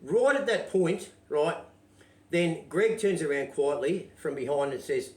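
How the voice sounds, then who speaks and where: A man's voice: mid-range voice, moderate pace. A man telling a rambling, swear-laden story in casual anecdotal style, checking in with "right?" constantly. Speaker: show host telling a story. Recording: roomy echoey sound.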